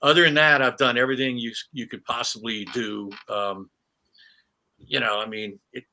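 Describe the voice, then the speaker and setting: A middle-aged man, a retired sportscaster, telling animated stories in a casual interview, with many restarts and fillers. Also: medium pitch, normal speed.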